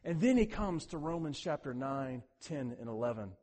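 A man preaching a sermon as a pastor, building to loud emphatic peaks and then dropping low, often repeating words for emphasis. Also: big pitch swings, normal speed, long reverb tail.

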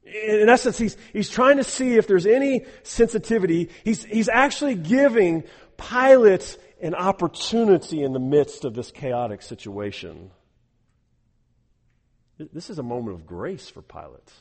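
A man preaching a sermon, animated, acting out the people he quotes and often repeating words as he goes. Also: high voice, normal speed. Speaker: pastor. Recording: echoey hall with long reverb.

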